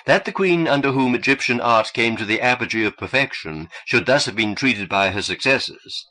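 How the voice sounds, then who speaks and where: A man's voice: mid-range voice, animated, moderate pace, pushed and bright. A man reading an audiobook and voicing a male antiquities inspector who speaks in a plain, reflective way.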